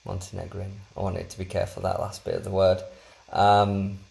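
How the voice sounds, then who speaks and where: A man's voice: low voice, completely flat delivery, normal speed, vocal fry, darkish tone, a little hiss or hum. A man co-hosting a podcast, rambling and poking fun at himself in a casual travel chat. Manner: rambling, self-deprecating. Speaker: podcast co-host.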